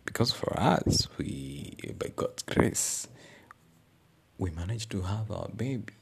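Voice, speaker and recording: A man's voice: lowish voice, expressive, takes it slowly, vocal fry, heavy background noise. A young adult man, telling a personal story in an earnest, reflective way as a podcast host. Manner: earnest, reflective, searching for words.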